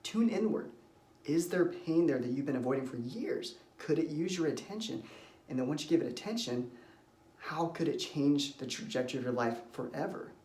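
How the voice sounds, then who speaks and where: A man's voice: on the high side, expressive, normal speed, a little mellow, roomy sound. A man who works as a confidence coach gives an earnest, reflective self-help talk and shares personal stories.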